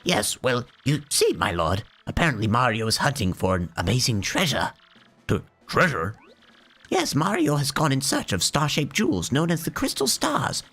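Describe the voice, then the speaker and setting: A hoarse man voicing a fawning old female witch servant who talks in a simpering, overly polite way. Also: mid-range voice, huge pitch swings, moderate pace, a bit bright, pitched above the performer's own voice, heavily acted.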